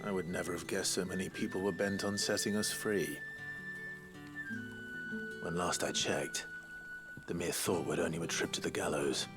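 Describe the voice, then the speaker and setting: Casting: a man as a very deep-voiced, sardonic game rebel, over game music. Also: fairly even intonation, normal speed, long pauses, close to an everyday voice. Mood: wry. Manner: dry and sardonic. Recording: game audio with music behind.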